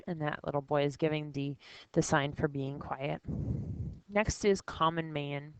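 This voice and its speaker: A woman's voice: low voice, measured pace, fairly bright tone, smooth, no echo, low-quality recording. A woman teaching vocabulary, reading lines from a novel and explaining each word in a casual way with small fillers.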